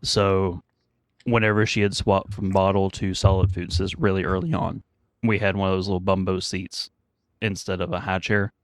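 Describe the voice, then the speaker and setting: Man with a cold, low pitched, dry close mic, rambling storyteller on a podcast. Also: level tone, moderate pace, no echo. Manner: rambling storyteller, laughs at his own stories. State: congested with a cold. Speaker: podcast co-host. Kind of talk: casual chat.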